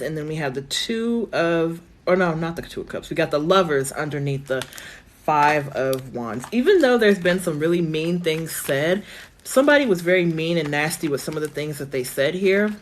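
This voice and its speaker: A woman reading tarot cards on a live stream, her voice a little low for a woman and starting to go hoarse. She talks in a chatty, reassuring way, musing aloud with plenty of fillers. Faint noise hums behind her phone mic. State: voice going hoarse. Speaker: tarot reader.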